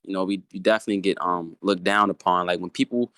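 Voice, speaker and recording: Deep smooth voice, young baltimore dude on a podcast, lots of ums, dry mic. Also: male voice, steady tone, quick pace, sharp tone, dry recording. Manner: hesitant, searching for words. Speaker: podcast co-host. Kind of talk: casual podcast chat.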